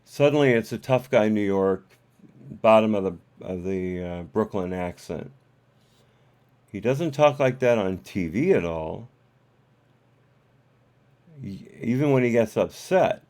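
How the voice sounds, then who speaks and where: A low-voiced man hosts a live stream and talks through his commentary in a loose, rambling way. He hesitates often and fills the gaps with ums and uhs. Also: expressive, a little slow, pauses often, a little mellow. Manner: rambling, hesitant, with many fillers. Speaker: host.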